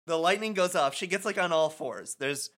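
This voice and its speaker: A man's voice: on the high side, normal speed, a bit bright. A man co-hosting a podcast, chatting enthusiastically about a video game with casual swearing and tangents. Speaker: podcast co-host.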